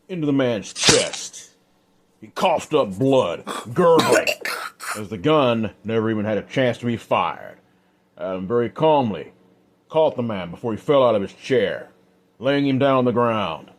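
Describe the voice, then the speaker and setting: A man narrating an old-west story in a slow, unhurried, casual way. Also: medium pitch.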